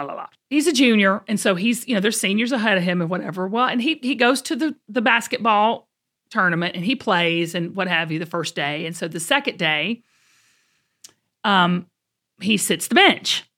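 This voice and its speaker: A middle-aged woman, telling an animated story on a podcast. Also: medium pitch. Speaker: podcast co-host.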